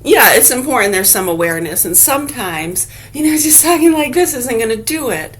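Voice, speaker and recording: A woman's voice: fairly high pitch, very animated, brisk. Blunt, profane woman ranting to camera. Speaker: vlogger. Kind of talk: angry profane rant to camera.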